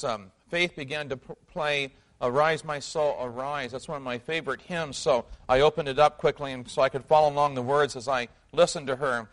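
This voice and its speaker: A pastor delivers his sermon with quiet conviction, his voice sitting a little high for a man. He leans on rhetorical questions and lets his phrases trail down softly before building again. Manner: earnest, asks rhetorical questions, drops to quiet at phrase ends.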